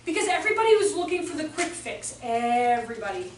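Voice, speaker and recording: A woman's voice: high voice, big pitch swings, a little fast, noisy background. A woman presenting a live workshop for teachers, telling chatty stories and acting out quotes in voices, recorded in a room with an audience. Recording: echoey room, distant mic, faint ambience.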